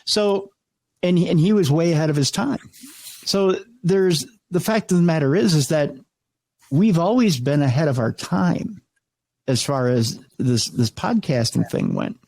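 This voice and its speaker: With a fairly high, gravelly voice and a measured pace, a middle-aged radio host tells stories during a casual interview. He's animated, restarts many times, and acts out the people he quotes. The recording is low quality and has no room sound.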